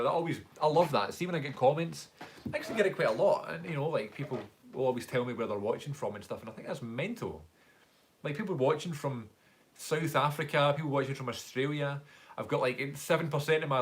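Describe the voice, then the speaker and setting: A young Scottish man hosting a casual live-stream Q&A from his phone, chatting at length and reading out viewer comments. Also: mid-range voice. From Scotland. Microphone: phone front camera.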